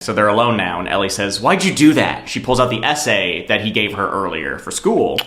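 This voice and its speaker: A man's voice: fairly low pitch, brisk. Man retelling a film, roomy sound. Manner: animated storytelling, voices quoted lines, laughs at own jokes. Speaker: comedian retelling a movie plot. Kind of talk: comedic podcast chat.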